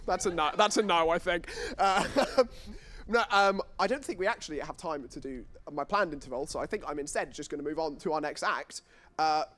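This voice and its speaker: High-voiced, rambling young male compere. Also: fairly bright tone. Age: young adult. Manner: rambling, teasing, self-mocking. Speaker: comedy show compere. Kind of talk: compering a stand-up show. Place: student comedy stage before a live audience.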